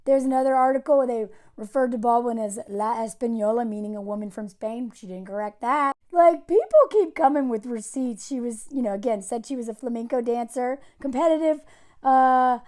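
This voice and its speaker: A woman's voice: a little high, fairly quick, a little mellow. A woman giving casual, sarcastic video commentary, exasperated and mocking as she talks. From United States. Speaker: commentary vlogger.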